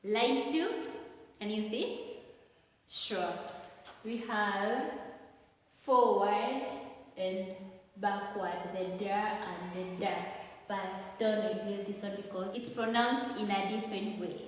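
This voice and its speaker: A Kenyan woman teaches an English revision lesson at a very slow, careful pace. She walks through each answer and repeats the key points. Her voice rings around a bare room with a long, lingering reverb. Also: mid-range voice, fairly even intonation. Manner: slow, deliberate explaining with repetition.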